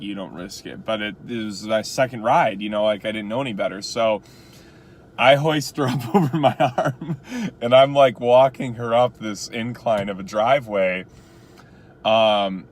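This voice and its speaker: Lowish-voiced guy from chicago, rideshare driver rambling through a story, tons of "like". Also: slight background noise. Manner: chatty, lots of "like" and "you know". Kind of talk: casual storytelling.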